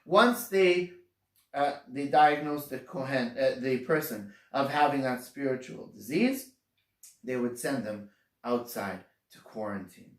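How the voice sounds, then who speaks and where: A man's voice: medium pitch, unhurried, a bit bright. A man giving an earnest, explanatory sermon on the weekly Torah portion, often restarting phrases and leaning hard on single words. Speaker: Torah teacher. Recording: echoey room, voice from far off mic.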